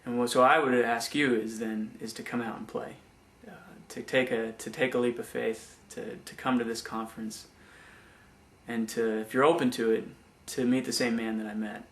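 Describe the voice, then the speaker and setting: A young man giving a personal faith testimony, speaking haltingly with many restarts and repeated words. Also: medium pitch, level tone, roomy sound. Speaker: former missionary giving testimony.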